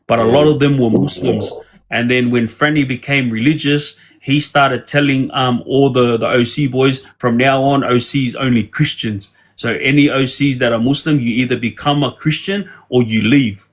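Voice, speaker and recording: Husky man, casual storyteller, rambling delivery, acts out dialogue. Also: medium pitch, fairly bright tone. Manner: rambling, with many restarts and quoted dialogue. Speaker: guest telling prison stories on a livestream.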